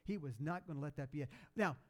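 This pastor delivers a sermon quickly, narrating a story conversationally and often using fillers or starting over. Excitement makes him loud, while sad moments bring his voice down soft and low.

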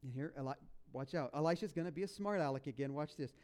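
A man preaching a sermon, telling a story in a lively, jokey way and slipping into voices for the characters. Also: a little high, fast talker. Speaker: pastor.

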